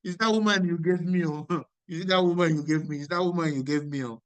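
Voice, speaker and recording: A man's voice: high-pitched, moderate pace, a bit bright, smooth, no room sound. A man putting on Adam as a defensive, whining man shifting blame. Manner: whining, repetitive.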